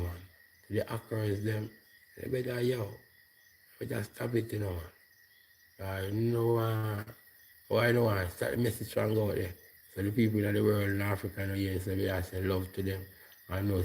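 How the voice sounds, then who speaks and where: A man's voice: deep voice, darkish tone, a little hiss or hum. A Jamaican man talking to camera in a loose, rambling monologue full of patois fillers, outdoors at night. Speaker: vlogger.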